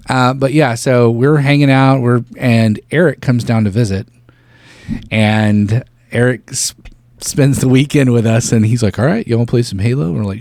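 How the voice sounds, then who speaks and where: A man's voice: medium pitch, darkish tone, no echo. A man co-hosting a podcast, telling a gaming story in casual chat and laughing along. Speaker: podcast co-host.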